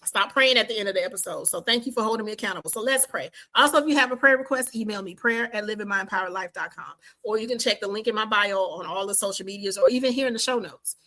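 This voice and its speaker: A woman's voice: mid-range voice, quick pace, few pauses, pushed and bright, low-quality recording. A woman in her fifties hosting a faith-based podcast, talking enthusiastically and praying like a preacher. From Washington, D.C. and the Carolinas. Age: 50s. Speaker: podcast host. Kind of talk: podcast outro with prayer.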